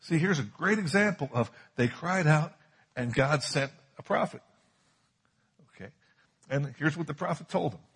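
A man's voice: fairly high pitch, lively intonation, normal speed, pauses often, fairly bright tone, slightly rough. A man preaching a sermon as a pastor, emphatic and repeating key phrases for stress.

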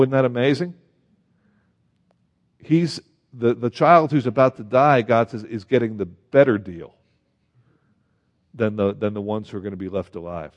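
A man preaching a sermon as pastor, animated and asking his listeners rhetorical questions while reading scripture aloud. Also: lowish voice, muffled recording. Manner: reads scripture aloud in old-fashioned wording. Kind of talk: sermon Bible teaching.

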